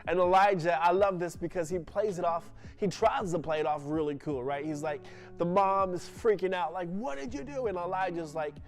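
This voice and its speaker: A man preaching a sermon with an emphatic delivery, his voice sitting a little high. He circles back on his words with repeated restarts. Soft music plays underneath. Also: steady tone, moderate pace. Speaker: pastor.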